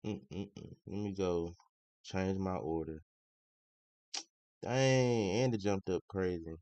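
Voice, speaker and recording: A man's voice: sits low, slow, darkish tone, no echo. A man trading live on a stream, talking in casual slangy commentary, grumbling and repeating himself. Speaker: day trader streaming live. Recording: dry, slightly muffled lo-fi audio.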